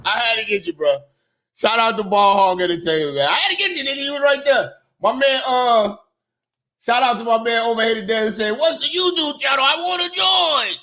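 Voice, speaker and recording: Brief: high-pitched male livestream host, bright tone, loud and profane joker. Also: lively intonation, a little fast. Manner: loud, joking, profane, laughs often. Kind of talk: casual livestream commentary.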